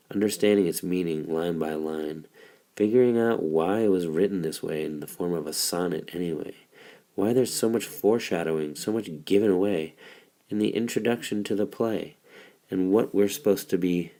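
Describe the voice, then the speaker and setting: A man's voice: low-pitched, warm tone. A man teaching a recorded literature lesson, explaining step by step in a casual way.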